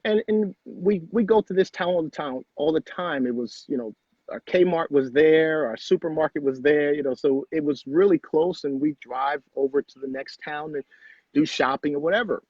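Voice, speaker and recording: A middle-aged man speaks in a husky, somewhat high voice, telling his own story with earnest emphasis and repeated phrases. The sound is dry and close, with a dull, lo-fi home-recording quality. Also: moderate pace, a little mellow, no room sound. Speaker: guest. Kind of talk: personal storytelling in conversation.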